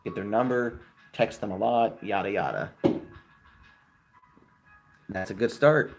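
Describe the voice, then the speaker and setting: A man's voice: lowish voice, measured pace, vocal fry, loud music behind the voice. A young man in his twenties hosting a casual live stream, chatting with viewers and giving friendly advice.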